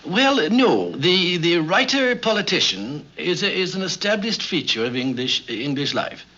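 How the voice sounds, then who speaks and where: Genial older Canadian man, bright voice. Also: a little high, sing-song. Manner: genial, witty storyteller with frequent "uh" pauses. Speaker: interview guest, member of Parliament. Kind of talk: formal anecdotal interview. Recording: dull lo-fi 1950s film sound.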